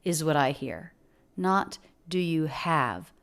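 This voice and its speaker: A woman teaching English pronunciation, breaking down phrases and repeating words slowly to model their sounds. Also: sits low, expressive. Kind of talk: pronunciation lesson.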